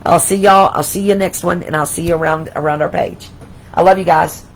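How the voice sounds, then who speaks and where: A middle-aged woman hosts a casual live craft tutorial, hoarse and losing her voice, talking in an effusive, emotional way with many restarts. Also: on the low side, fairly even intonation, brisk, a little hiss or hum, rough recording. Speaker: host of a live crafting session.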